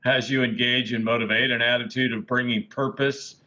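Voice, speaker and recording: A man's voice: mid-range voice, little pitch movement, brisk, bright, forceful tone. Man interviewer with a dull sound. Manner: short, encouraging replies and laughs. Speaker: interview host. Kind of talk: casual interview.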